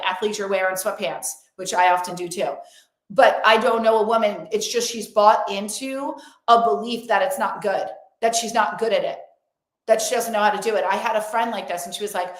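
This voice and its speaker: Emphatic woman coach in an echoey room. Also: medium pitch. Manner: emphatic, animated, acts out quoted voices. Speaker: speaker and coach. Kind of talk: motivational talk to women.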